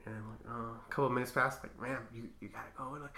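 A man hosting a podcast, telling a story in casual chat, animated, swearing and acting out the quotes. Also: mid-range voice, fast, few pauses, reverberant. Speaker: podcast host.

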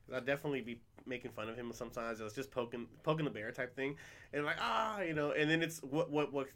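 A man's voice: mid-range voice, fast talker, a bit bright. A man telling rambling stories in a casual chat, laughing often and swearing freely.

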